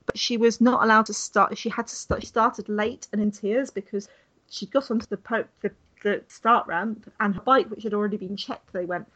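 A woman's voice: medium pitch, steady tone, normal speed, fairly bright tone, dull audio. A woman chatting casually about a race, rambling with lots of restarts and fillers. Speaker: cycling reporter. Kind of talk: casual chat.

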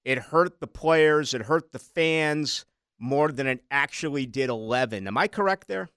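A man's voice: medium pitch, unhurried, a bit bright, smooth, no echo, studio quality. A male sports radio host interviewing a guest in an upbeat, conversational way.

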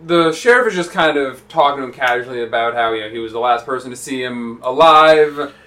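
A man casually recounting a movie scene with friends, in a loose, relaxed way. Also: mid-range voice, fairly quick. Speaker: podcast co-host. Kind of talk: casual film discussion.

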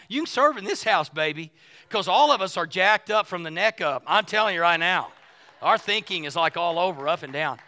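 A male pastor preaching a sermon, folksy and joking, building to shouted points. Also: sits high, fairly quick.

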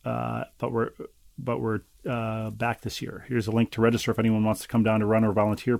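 A man co-hosting a casual podcast, reading listener mail aloud and teasing his co-host in a wry, halting way. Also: fairly low pitch, gravelly, a little mellow, no echo.

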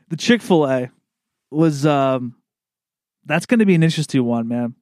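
A man hosts a podcast in loose, casual chat. He swears freely and laughs often. His voice sits a little high, and the recording is close and dry. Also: expressive, takes it slowly, darkish tone, no echo. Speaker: podcast host.

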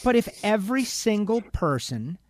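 A man with a somewhat high voice pours out an emphatic, rambling rant on talk radio, stacking his points and acting out other people's words. He sounds emotional and upset. The sound is close and dry. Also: very animated, moderate pace, no room sound. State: emotional, upset by bad news. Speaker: radio talk show guest. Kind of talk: impassioned opinion rant.

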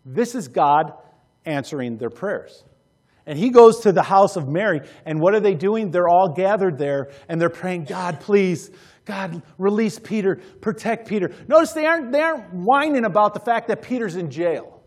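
A male pastor preaches with a husky, high-set voice. He presses his points with urgency, swinging between animated bursts and hushed, earnest stretches. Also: normal speed. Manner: urgent, animated preaching that drops to quiet intensity. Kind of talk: sermon.

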